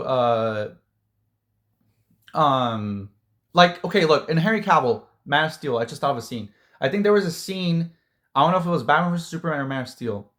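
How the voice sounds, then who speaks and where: A man's voice: a little high, a bit bright. A man giving a casual, heated movie-review rant, rambling and full of fillers like "like" and "dude".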